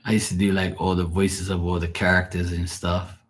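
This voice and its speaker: Low husky Bermudian man. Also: completely flat delivery, brisk. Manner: rambling, profane, laughs often. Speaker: live tarot reader and streamer. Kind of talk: casual chat on a livestream.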